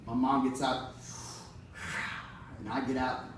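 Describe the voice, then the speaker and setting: A man telling a comic story on stage in a live venue, animated and profane, with frequent asides to the audience. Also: medium pitch, slow. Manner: animated, profane, playful, talks straight to the audience. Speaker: musician telling stories on stage. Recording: echoey venue, distant mic, audience noise.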